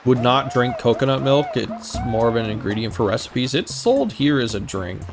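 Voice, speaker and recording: A man's voice: medium pitch, animated, normal speed, over music. A man streaming a game, chatting in a casual, musing way. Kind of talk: casual gaming chat.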